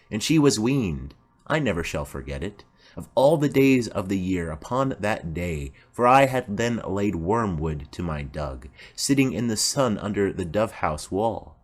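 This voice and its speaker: A man voicing a chatty, rambling old female nurse in an audiobook play reading. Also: on the low side. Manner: rambling, garrulous.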